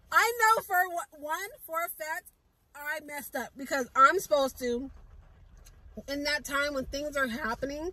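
A woman's voice: sits high, sharp tone, recorded from a distance, rough recording. A woman vlogger telling a story in a casual, emotional way, repeating herself and restarting often. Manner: emotional, repetitive retelling with many restarts.

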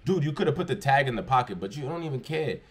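Animated young man reacting casually. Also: fast talker, breathy edge. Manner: animated, joking, swings into loud high bursts. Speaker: reaction video host.

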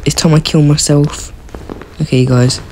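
A woman giving excitable, casual commentary while playing a horror game, yelping, laughing and talking to her teammates. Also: sits low, a little slow, a little hiss or hum. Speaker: gaming video creator.

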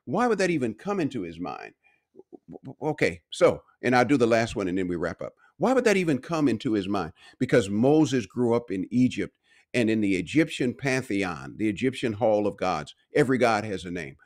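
A man preaching a morning devotional with a lively, swinging pitch that sits a little low. He leans hard on repeated phrases and drives each point home. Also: moderate pace. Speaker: pastor and university speaker. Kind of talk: devotional sermon.

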